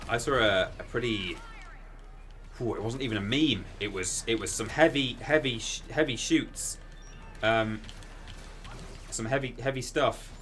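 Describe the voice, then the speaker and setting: A man chatting casually while streaming a video game, rambling and bursting into excited exclamations. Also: mid-range voice, measured pace, long pauses, a little hiss or hum. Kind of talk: casual gaming stream commentary.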